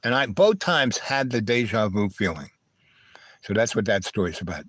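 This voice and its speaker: A man's voice: fairly low pitch, expressive, moderate pace, fairly bright tone, no room sound, clean studio sound. A man hosting a live stream, telling a meandering personal story full of asides and digressions.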